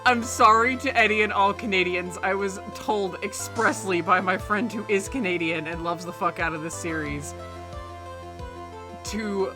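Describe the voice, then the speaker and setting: A woman's voice: mid-range voice, normal speed. A woman hosting a let's play, chatting casually, giggly and self-deprecating and swearing freely, with game music behind. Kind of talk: casual gaming chat.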